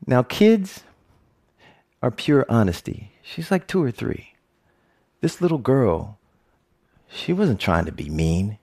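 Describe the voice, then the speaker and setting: Man, middle-aged, storytelling talk, earnest, joking, lively rise and fall. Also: on the low side. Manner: animated, earnest, with joking asides. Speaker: speaker giving a talk.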